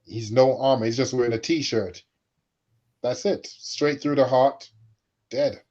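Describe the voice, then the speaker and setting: A man reasons out his points in long, confident runs of speech. His mid-pitched voice comes through a dull, lo-fi recording with the top end muffled. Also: unhurried, darkish tone. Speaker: podcast co-host. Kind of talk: casual chat. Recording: dull lo-fi mic.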